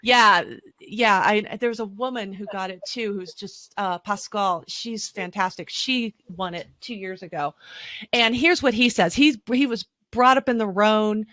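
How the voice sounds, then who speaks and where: A woman's voice: medium pitch, measured pace, a bit bright, dry recording, studio quality. Chatty enthusiastic woman explaining wine. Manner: enthusiastic and chatty, with frequent restarts. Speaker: wine expert guest. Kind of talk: conversational podcast explanation.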